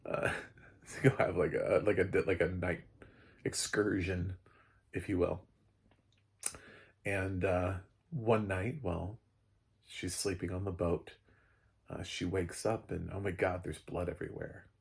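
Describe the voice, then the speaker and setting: Deep, gravelly male film reviewer. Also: fairly even intonation, unhurried, pauses often. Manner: rambling and joking, with frequent fillers and profanity. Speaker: movie reviewer. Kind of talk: casual spoken film review.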